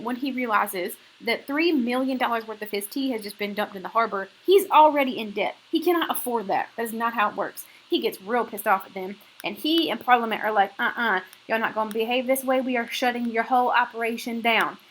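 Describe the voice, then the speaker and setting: A woman's voice: a little high, a bit bright, a little hiss or hum, rough recording. A woman teaching a history lesson in a casual, slangy way, often checking in with "okay?". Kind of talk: recorded classroom lecture.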